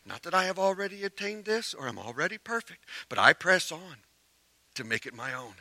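A male pastor preaching with a very bright, cutting edge to a fairly high voice. He tells his story with lively emphasis, then falls to hushed earnestness. The sound is dry and close. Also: brisk, no room sound. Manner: animated storytelling, swinging from loud emphasis to quiet earnestness. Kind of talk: sermon.

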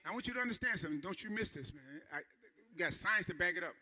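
A man preaching a Sunday sermon, emphatic, repeating key phrases and asking the congregation questions. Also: high-pitched. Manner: animated preacher, slows down to stress key lines. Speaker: pastor.

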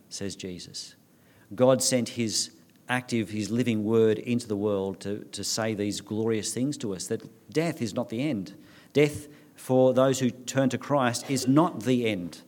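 A man's voice: lowish voice, measured pace, a little mellow. A man preaching a sermon as pastor, speaking earnestly, reading scripture aloud and sometimes restarting his phrases.

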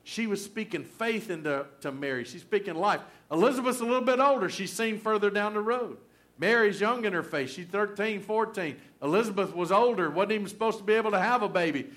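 A middle-aged man, preaching a sermon in a folksy, animated storytelling way with humor. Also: high voice, a little fast. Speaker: pastor.

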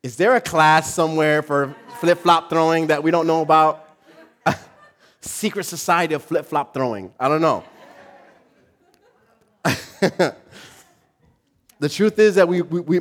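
A man preaching a sermon, telling a funny story and joking with his congregation, often repeating himself as he goes. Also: fairly high pitch. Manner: lively, joking, talks to the congregation; halting, repeats words.

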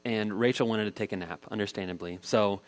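A man's voice: lowish voice, fairly quick. A man in his thirties preaching a sermon, telling a family story in a casual, conversational way. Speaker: pastor.

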